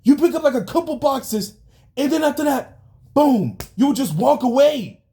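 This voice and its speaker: A young man rants into the camera, yelling and cursing as he vents his frustration. His voice sits high for a man and lurches up and down in pitch with every outburst. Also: lively intonation, normal speed. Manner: yelling and swearing, venting frustration. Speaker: vlogger. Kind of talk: angry rant vlog.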